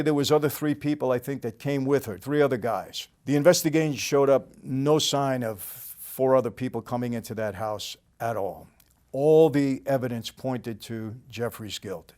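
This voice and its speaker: An older man with a New York accent telling a story in a casual, plain-spoken way, often trailing off quietly at the end of a sentence. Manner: conversational, plain-spoken, drops to a low murmur at line ends. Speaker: storytelling host.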